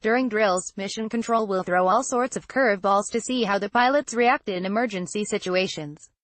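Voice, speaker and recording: Measured woman reading the news. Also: medium pitch, no room sound. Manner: even, measured read-through of an article, quotes in the same voice. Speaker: news reader. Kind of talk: scripted news narration.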